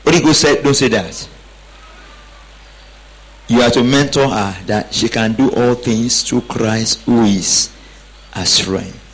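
A man's voice: medium pitch, slow, pauses often, husky, rough recording. A man preaching a sermon emphatically, prompting the congregation to repeat after him. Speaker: pastor.

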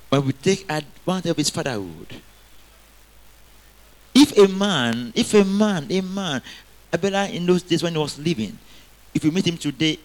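A male pastor preaching a sermon, calling on the congregation to repeat after him and swinging between loud exhortation and quiet asides. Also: on the high side. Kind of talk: sermon with call-and-response.

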